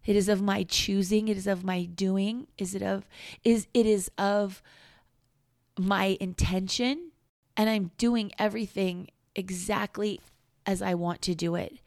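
A woman's voice: medium pitch, steady tone, unhurried, a little mellow, no room sound, studio quality. A middle-aged woman in a candid, reflective personal monologue, often repeating phrases for emphasis.

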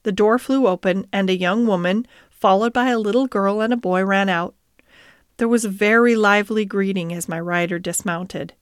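A woman reading a classic novel aloud as scripted narration, in a gentle, even storytelling manner with lightly voiced dialogue. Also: medium pitch, normal speed, clear, resonant tone, no echo, clean studio sound. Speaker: audiobook reader.

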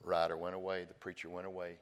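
A male pastor preaching a sermon, telling a story with quoted dialogue, slow and emphatic. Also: low voice, monotone, big-room sound. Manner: storytelling, builds to shouting climax.

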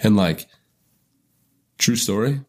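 A middle-aged man appears as a podcast guest, spinning long, meandering stories full of fillers and false starts as he keeps interrupting himself. His voice is on the low side, a bit mellow, slow, and lively in intonation.

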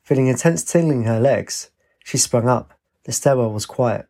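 A man reading a story aloud in a steady, unhurried manner. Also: mid-range voice. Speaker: narrator. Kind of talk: storybook narration.

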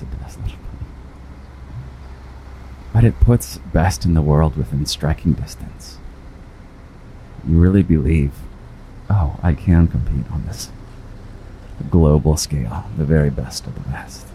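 A man's voice: very deep voice, mellow. A man hosting a flirty, rambling walking podcast outdoors, slightly out of breath, laughing often. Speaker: podcast host. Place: outdoors on busy city streets. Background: traffic and construction noise.

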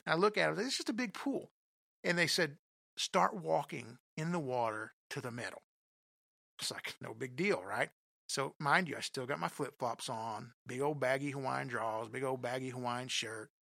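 Gravelly, bright-voiced man telling a funny story. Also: medium pitch, moderate pace, no room sound, clean studio sound. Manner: animated, self-deprecating, addresses listeners directly. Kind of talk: comic personal storytelling.

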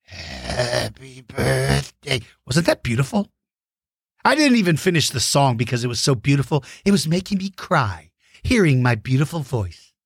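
A man hosting a dinosaur show for kids, giving playful, enthusiastic shout-outs to young fans. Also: medium pitch, big pitch swings, brisk, husky, dry recording, studio quality. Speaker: host of a kids' dinosaur show.

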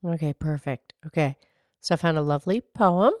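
A woman voicing a gentle, low-voiced podcast co-host who speaks softly and slowly. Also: no room sound, studio quality, close to an everyday voice. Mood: calm. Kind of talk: casual chat.

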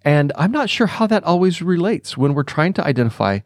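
A man's voice: fairly high pitch, sing-song, brisk, a little mellow, dry recording, studio quality. A middle-aged man hosting a podcast, telling a personal story in an unscripted, thinking-aloud way, with fillers and small chuckles. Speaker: podcast host. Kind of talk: reflective storytelling monologue.

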